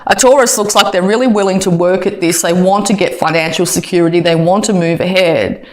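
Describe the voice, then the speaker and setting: A woman's voice: lowish voice, brisk, a little mellow. A woman giving a casual tarot reading, chatty and full of fillers and restarts. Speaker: tarot reader.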